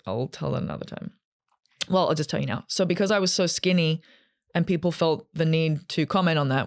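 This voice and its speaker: A woman, telling a story in a rambling, sarcastic, casual way while walking into a restaurant. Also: low-pitched. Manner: rambling, sarcastic, self-deprecating. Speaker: vlogger. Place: walking into a fast food restaurant.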